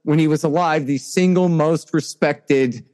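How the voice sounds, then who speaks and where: As an interview guest, a man offers conversational political commentary, speaking emphatically, restarting often, and letting his pitch climb sharply when indignation takes over. He talks unhurriedly, with a darkish tone.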